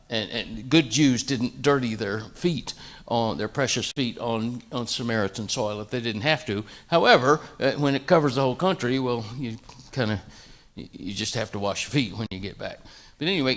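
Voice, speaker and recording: A man's voice: medium pitch, a bit bright. A man giving a Bible lesson, folksy and hesitant, full of fillers and chuckling asides. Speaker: Bible teacher. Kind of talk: sermon-style Bible teaching.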